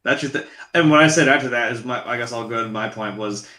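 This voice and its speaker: Casting: man, podcast co-host, talks quickly and swears a lot, bright tone, slightly roomy sound. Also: medium pitch. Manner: profane, animated, acts out his reactions in quotes. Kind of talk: casual movie review chat.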